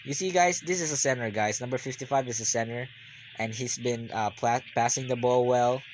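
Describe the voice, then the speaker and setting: A man giving live basketball reaction commentary, rambling and repeating himself, then bursting into excited yells. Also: mid-range voice, fairly quick, slight background noise.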